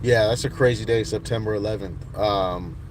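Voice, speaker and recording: This American livestream host, in his thirties, casually works through viewer comments, rambling and restarting a lot. His voice sits on the low side with fairly even intonation and a moderate pace, set against background noise.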